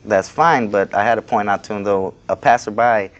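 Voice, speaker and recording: On a studio interview show, a male guest who is an activist speaks plainly and with a sense of grievance while recounting a workplace dispute in casual conversation. His voice sits on the low side, holds a steady tone, and moves fairly quickly. The recording sounds muffled.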